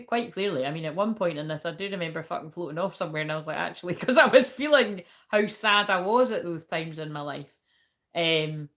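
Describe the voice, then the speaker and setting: A woman talks through a tarot reading in a loose, rambling way. Her voice sits a little low, and she swears freely as she chats. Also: fairly bright tone. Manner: rambling, swears a lot, chatty. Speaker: tarot reader. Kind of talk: casual spiritual tarot reading.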